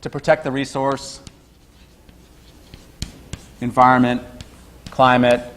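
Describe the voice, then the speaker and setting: A man giving an informal university lecture, chatty and animated, who breaks into high-pitched exclamations when acting out what people say. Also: takes it slowly.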